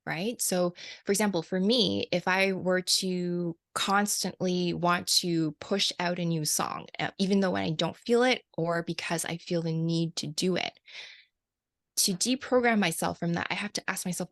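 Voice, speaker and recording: A woman with a lowish voice speaks at normal speed on a dry recording. As a light language channeler appearing in a casual interview, she's reflective, frequently laughing and restarting what she's saying.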